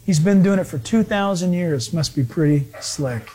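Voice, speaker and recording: A man with a notably high voice preaches in a relaxed, conversational way. He leans on everyday stories and acts out the people in them with animation. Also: moderate pace, breathy edge. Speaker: pastor. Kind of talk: conversational sermon with storytelling.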